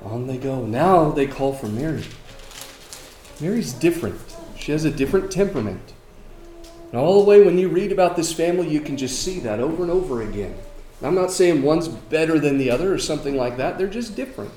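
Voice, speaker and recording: A man preaching a sermon, moving between emphatic lines and quiet ones and asking rhetorical questions. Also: a little high, expressive, fairly quick. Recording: echoey room with faint ambience.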